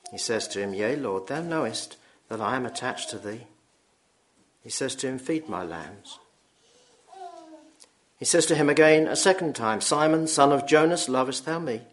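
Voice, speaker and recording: A man's voice: mid-range voice, lively intonation. Solemn man reading scripture. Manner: slow, solemn reading with throat-clearing. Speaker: preacher.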